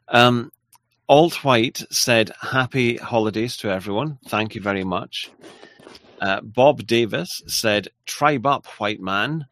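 A man hosting a casual livestream, reading viewer messages aloud in a halting, apologetic way. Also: lowish voice, a bit bright, no echo. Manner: halting and apologetic, with frequent restarts and laughs. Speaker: livestream host.

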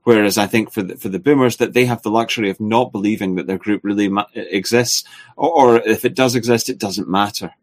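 A man with a somewhat low voice holds forth in a casual spoken discussion. He talks haltingly, filling pauses with uhs and restarting his sentences as he goes. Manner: halting, with many filler sounds and restarts.

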